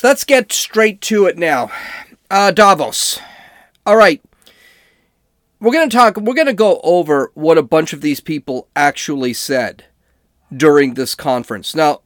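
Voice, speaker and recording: Man, high voice, lively swings, sarcastic podcast host, dry close sound. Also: no room sound. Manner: animated, sarcastic, ranting. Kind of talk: casual political commentary.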